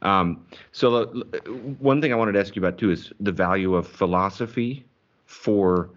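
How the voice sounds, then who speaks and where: Evangelical male host with a very deep voice. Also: muffled recording. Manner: friendly, affirming, quick to agree. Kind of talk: casual interview conversation.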